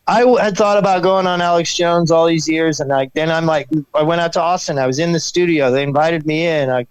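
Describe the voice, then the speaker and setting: A man talking as a guest on a podcast, telling stories in a rambling, animated way and acting out the sounds and quotes in them. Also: fairly high pitch, no room sound, low-quality recording. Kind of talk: casual podcast conversation.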